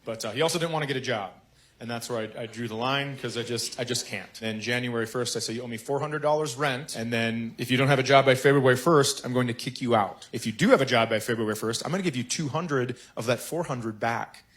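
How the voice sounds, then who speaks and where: A man doing stand-up about his son, with a laid-back, halting delivery. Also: mid-range voice, a bit bright. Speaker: stand-up comedian. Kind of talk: stand-up storytelling.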